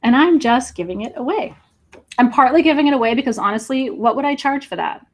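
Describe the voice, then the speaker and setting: A woman hosting a live crystal sale online, talking excitedly to viewers in an emotional, gushing way and laughing often. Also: high voice, a little fast. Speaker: livestream crystal seller. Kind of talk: live sales stream, chatting with viewers.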